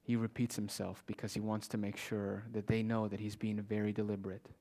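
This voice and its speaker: Here a pastor preaches fervently at a fairly quick pace, his fairly low voice staying monotone throughout. Phrases come back again and again for emphasis, and he alternates loud proclamations with hushed, whispered moments.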